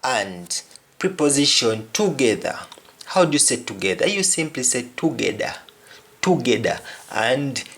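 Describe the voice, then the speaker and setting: A man's voice: mid-range voice, sing-song, unhurried, a bit bright. A man teaching a language lesson, repeating each word several times as he explains it. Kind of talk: spoken lesson on patois phrases.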